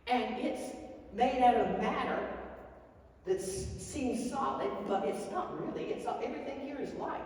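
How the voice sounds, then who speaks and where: A woman's voice: a little high, normal speed, darkish tone, a little hiss or hum. A woman pastor giving a sermon in an earnest, rambling storytelling way, with restarts. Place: church sanctuary. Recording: echoey church hall mic from far off.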